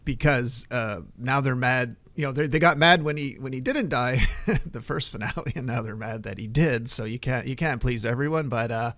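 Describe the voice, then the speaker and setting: Gravelly, chatty podcast co-host man. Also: medium pitch, moderate pace, a bit bright, no room sound. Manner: chatty, laughs often, restarts sentences. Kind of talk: casual podcast chat about TV.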